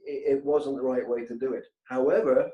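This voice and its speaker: A man's voice: medium pitch, steady tone, fairly quick, roomy sound, muffled recording. A man being interviewed, telling anecdotes in a chatty, self-deprecating way with frequent restarts. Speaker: guest, industry executive. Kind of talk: casual anecdotal chat.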